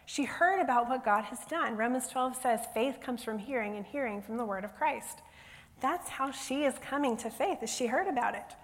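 A woman teaching from the Bible in a relaxed, conversational way, telling personal stories with plenty of ums. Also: on the high side, moderate pace. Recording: long reverb of a hall.

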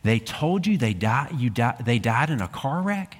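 A man voicing a gentle half-giant male groundskeeper in a sermon retelling, speaking earnestly and emphatically. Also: medium pitch, sing-song, moderate pace. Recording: long church hall reverb.

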